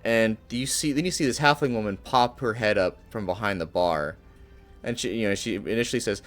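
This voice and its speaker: A man narrating a tabletop game as game master, relaxed and descriptive with casual fillers. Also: fairly low pitch, a little fast, soft background music.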